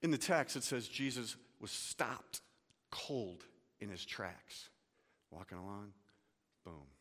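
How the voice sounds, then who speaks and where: A man's voice: lowish voice, animated, slow pace, a bit bright, in a large hall. A male pastor preaching a sermon, telling the story vividly and dropping casual asides.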